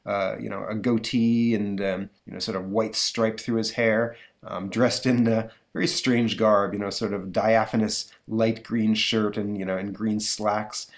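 A man's voice: lowish voice, little pitch movement, a little slow, few pauses. A man hosting a comic book review podcast, talking hesitantly with many fillers. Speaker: podcast host.

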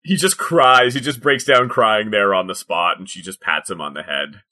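A man's voice: fairly low pitch, moderate pace, sharp tone. A man co-hosting a casual comedy podcast, explaining things in a rambling way with many fillers and frequent laughs. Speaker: podcast co-host.

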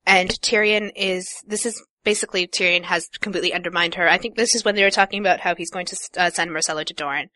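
A woman's voice: lowish voice, fairly even intonation, fast talker, few pauses, pushed and bright, no echo. A young woman co-hosting a casual book-discussion talk show, chatty with many fillers and frequent laughs. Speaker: podcast co-host.

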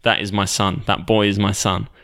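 This is a creepy old neighbor who insists again and again that a lost boy is his son, as a man quotes him. The voice is low and smooth, close to an everyday speaking voice. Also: level tone, normal speed, a bit bright. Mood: insistent. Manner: insistent, pleading.

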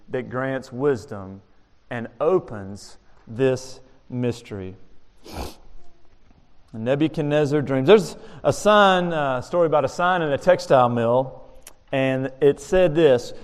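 A high-pitched male pastor delivers a sermon and tells its stories with animated energy. He keeps asking rhetorical questions, and his voice carries a long hall reverb.

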